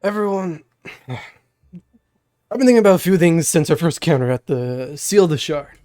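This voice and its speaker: A young man voicing a stern, secretive old male mage in a tabletop game, pushing his voice a little lower and groggier than his own, speaking in a measured, grave way. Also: mellow, lightly acted. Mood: solemn. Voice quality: slightly lowered, groggy-sounding voice. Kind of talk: game master voicing a character.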